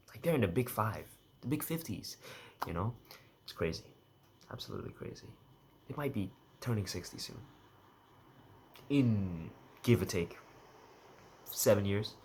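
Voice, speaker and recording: A young man with a deep, low-pitched voice talks straight to the camera in a loose, rambling monologue. He keeps restarting and correcting himself, half-joking as he goes. A faint hum of ambience sits behind him. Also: a little mellow. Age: young adult. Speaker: vlogger.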